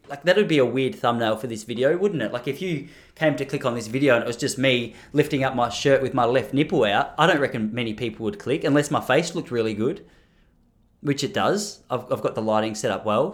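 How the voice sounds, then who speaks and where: An Australian man chatting straight to camera in a loose, rambling vlog. His pitch swings widely as he jokes at his own expense and trips over his own restarts. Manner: rambling, jokey and self-deprecating, full of restarts. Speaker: vlogger. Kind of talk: casual to-camera monologue.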